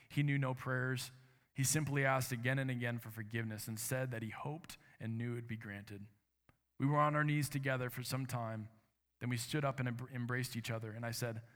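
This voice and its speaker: Pastor, male, mid-pitched, earnest sermon storytelling, long church reverb. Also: fairly bright tone. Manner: earnest, measured storytelling with dramatic quoted lines. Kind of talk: sermon with a read-aloud story.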